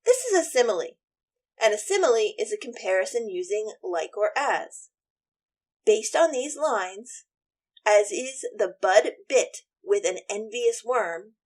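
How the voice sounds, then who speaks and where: A woman teacher and podcast host retelling a play in a chatty, opinionated way and voicing all the characters herself. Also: a little high. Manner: chatty, opinionated, plays every part. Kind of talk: casual literature lesson retelling.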